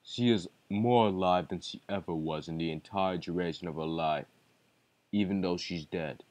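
A man voicing a stern, deep-voiced ritual leader in a video game playthrough, speaking slowly and solemnly. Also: darkish tone, natural voice. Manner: slow, solemn and menacing. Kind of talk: let's play voice acting.

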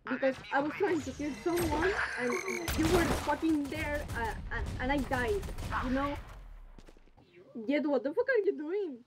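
A woman's voice: sits high, animated, moderate pace, heavy background noise. A woman player in heated in-game voice chat, angry and swearing, hurling insults at a teammate.

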